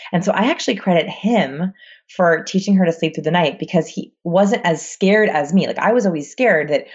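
Woman, low voice, chatty, rambling, lots of fillers, dull lo-fi recording. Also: lively intonation, fairly quick. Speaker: guest, new mother. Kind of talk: casual podcast chat.

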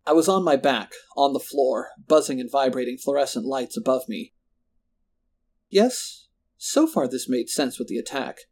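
A man's voice: mid-range voice, lively intonation, normal speed, a little mellow. Man telling a first-person horror story. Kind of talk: scripted horror narration.

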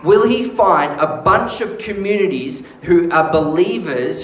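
Male pastor, slightly high voice, animated sermon storyteller, roomy echo. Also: normal speed, few pauses.

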